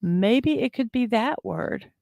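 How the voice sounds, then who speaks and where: A woman with a fairly high, creaky and slightly mellow voice speaks slowly with lively intonation while hosting her daily morning livestream. Working through a word puzzle, she thinks aloud, says um and uh a lot, and reads viewer comments, recorded dry and clean on a desk microphone.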